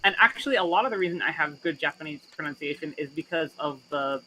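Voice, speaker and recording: A man's voice: a little high, quick pace, bright, forceful tone, rough recording. A man with an American accent carrying a slight British influence, chatting enthusiastically and often repeating words as he starts a thought. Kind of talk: casual chat while gaming.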